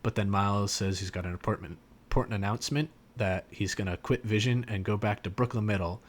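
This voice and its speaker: A man's voice: fairly low pitch, fast talker. A man co-hosting a podcast, retelling a scene in casual chat with lots of fillers and restarts. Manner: rambling, many fillers and restarts. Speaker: podcast co-host.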